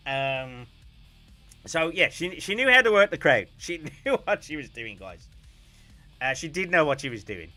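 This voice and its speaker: A man chatting casually on a stream, telling a story with animated bursts of loud, laughing shouts. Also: on the high side, normal speed, soft background music.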